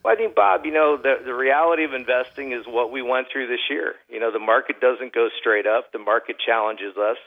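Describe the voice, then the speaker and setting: A man at a mid-range pitch with a gravelly, creaky voice, speaking as an investment advisor. His manner is folksy and storytelling, full of easy fillers. The sound is thin and phone-like, as from a radio call. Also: fairly quick, few pauses. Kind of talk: casual radio interview chat.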